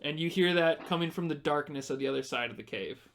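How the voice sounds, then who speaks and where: A man's voice: fairly high pitch, fast talker, vocal fry, fairly bright tone. A man running a tabletop game as game master, narrating the action and explaining the rules as he goes.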